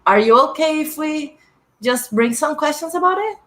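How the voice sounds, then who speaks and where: A woman's voice: high voice, lively intonation, normal speed, a bit bright. A woman hosting a live stream on a video call, steering the talk in a friendly way. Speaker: host.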